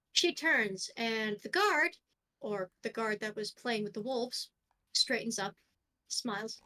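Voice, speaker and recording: A woman's voice: a little high, lively intonation, slow pace, sharp tone. A woman narrating a tabletop game as game master, in a casual, offhand way with the odd swear.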